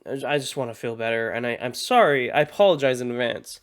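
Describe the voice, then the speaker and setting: A man's voice: mid-range voice, expressive, fast, clear, resonant tone. A man reacting in a casual vlog, sounding groggy and sick, rambling, apologizing and joking. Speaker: YouTube reactor.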